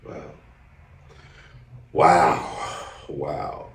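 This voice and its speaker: A man hosting a podcast interview, emphatic and casual, swinging between loud excitement and soft, careful questions. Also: very deep voice, slow pace, long pauses, roomy sound, recorded from a distance, a little hiss or hum. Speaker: podcast host. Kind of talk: heartfelt interview conversation.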